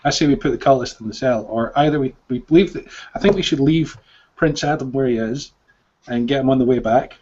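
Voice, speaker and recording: A man's voice: medium pitch, fairly quick, a little mellow, breathy edge. A man playing a tabletop game, chatty and joking as he thinks aloud, in a dull lo-fi recording. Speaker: player. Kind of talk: casual tabletop game chat.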